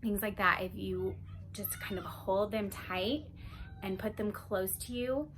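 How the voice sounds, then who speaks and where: A woman giving gentle, unhurried advice on calming young children, in a casual talk to camera, sometimes dropping to a near-whisper. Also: medium pitch, slight background noise.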